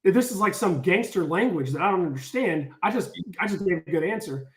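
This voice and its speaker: A man tells a story in a relaxed, chatty way. He speaks in a slightly high voice and acts out the quotes. The room echoes around him. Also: brisk. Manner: animated, lots of "like", acts out quotes. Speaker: storyteller on a podcast. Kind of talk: casual storytelling.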